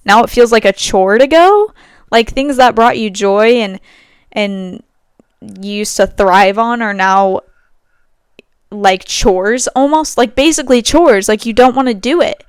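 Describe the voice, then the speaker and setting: A woman's voice: on the high side, clean tone, dry recording, clean studio sound. A young woman hosting a podcast at home, talking candidly and rambling, with many fillers and frequent laughs. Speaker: podcast host. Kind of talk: casual monologue.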